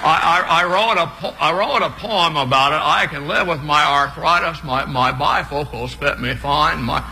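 Bright-voiced comedian in a hall. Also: male voice, on the high side, moderate pace. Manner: energetic, stammering, laughing at his own jokes. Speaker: comedian and preacher. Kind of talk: live stand-up comedy with impressions. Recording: long hall reverb, faint ambience.

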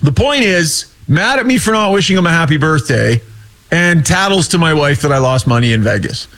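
A man's voice: fairly high pitch, expressive, brisk, a bit bright. A man telling an exasperated, rambling story in casual chat over a video call. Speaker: hockey podcast co-host and weekly guest.

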